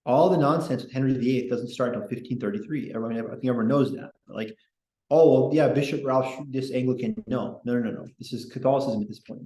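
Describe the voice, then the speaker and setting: A man's voice: mid-range voice, darkish tone. A man hosting a casual history podcast, reading quotes aloud with opinionated, digressive asides. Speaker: podcast host. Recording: echoey room.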